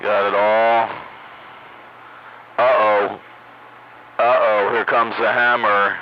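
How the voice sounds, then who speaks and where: A man's voice: fairly low pitch, little pitch movement, takes it slowly, dull audio. A man teasing and chatting over a CB radio, repeating himself. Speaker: CB radio operator. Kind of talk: casual radio chat. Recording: noisy radio transmission.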